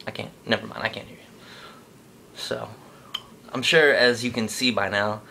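A man's voice: on the low side, fairly even intonation, moderate pace, gravelly, pushed and bright, a little hiss or hum. A young man vlogging a comic monologue, awkward and self-deprecating in a jokey way. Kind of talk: comedic vlog monologue.

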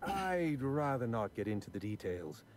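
A man's voice: medium pitch, sing-song, moderate pace, darkish tone, soft background music, natural voice. An actor playing a prim, numbers-obsessed aristocratic man in video game dialogue, fussy and condescending with precise diction. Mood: dry.

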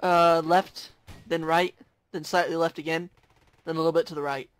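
A man hosting casual gameplay commentary, excitable, often screaming and swearing. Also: fairly high pitch, moderate pace, clean tone. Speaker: gaming channel host.

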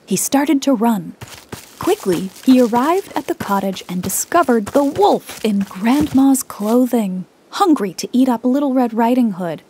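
A woman narrating a children's fairy tale in a gentle, expressive storybook manner. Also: a little high, slight background noise. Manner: slow, gentle, expressive reading.

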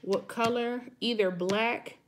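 A woman's voice: on the high side, fairly even intonation, takes it slowly, a little hiss or hum. A woman hosting a live chat with her viewers, talking frankly and emphatically straight to them.

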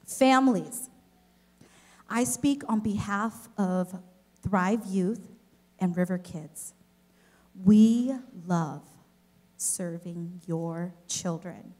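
A woman giving a children's message at a church service, telling a personal story in an expressive, gentle way to the kids and then to the families. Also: on the low side, slow. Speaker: children's director. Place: church service, in front of a congregation.

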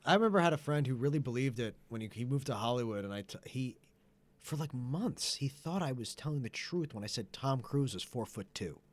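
A man telling funny stories in casual comedic chat, with deadpan fibs and laughter at his own jokes. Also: mid-range voice, a little fast. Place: studio.

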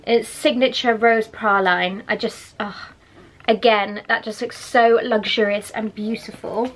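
A young woman from England vlogging at home to a handheld camera, gushing and excitable as she chats to her viewers. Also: unhurried, rough recording. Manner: gushing and excitable, goes high and sing-song when talking to her puppy. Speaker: lifestyle vlogger. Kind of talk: casual vlog talk to camera. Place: at home indoors.

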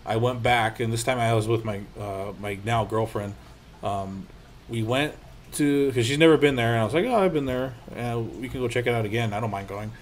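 Animated young man telling a ghost story. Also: medium pitch, a little fast, slight background noise. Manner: animated storyteller, swears freely, acts out quotes. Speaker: podcast co-host. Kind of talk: casual storytelling chat.

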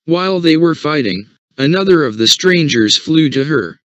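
A man narrating a short story for English learners in an even, measured reading. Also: on the high side, dry recording. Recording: dull, dry recording.

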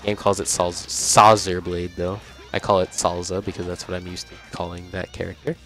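Low-voiced young man commenting on gameplay. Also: level tone, fairly quick. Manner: chatty, reacts out loud, laughs often. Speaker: gaming channel host. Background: game music.

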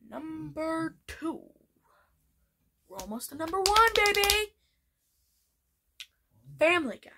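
A woman vlogger rambling excitedly about her favorite shows, full of fillers and restarts. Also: sits high, noisy background. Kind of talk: casual show ranking.

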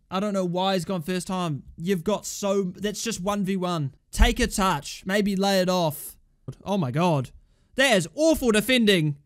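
A man reacting live to a football match for his fan channel, excitable and swearing, shouting at the players. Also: high voice, smooth.

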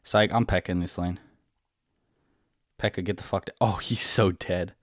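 A young man giving casual, excitable commentary over his own gameplay, swearing and breaking into sudden loud outbursts. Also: deep voice, moderate pace, dry recording, studio quality. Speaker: gaming video creator.

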